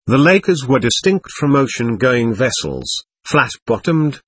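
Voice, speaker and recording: Guy narrating an audiobook, husky voice, lots of ups and downs, dry. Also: mid-range voice, dry recording. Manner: expressive storytelling.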